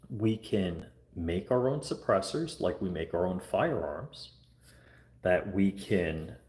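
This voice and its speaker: A man's voice: low-pitched, mellow, echoey room. A man hosting a casual livestream, earnestly coaching viewers on what to say when they phone their lawmakers. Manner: earnest, repetitive urging, coaching viewers through scripted phone calls. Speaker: livestream host. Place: home room.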